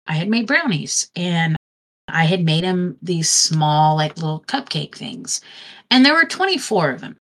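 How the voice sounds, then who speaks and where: Woman, very low voice, casual chat, rambling storyteller, restarts a lot. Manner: rambling, animated anecdote telling with restarts.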